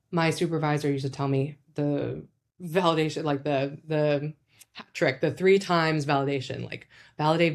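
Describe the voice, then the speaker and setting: A woman with a notably low speaking voice talks through advice like a relaxed psychologist. Her delivery is casual and chatty, with frequent fillers and little asides. She slips into quoted speech with sudden jumps in pitch. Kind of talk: casual educational talk.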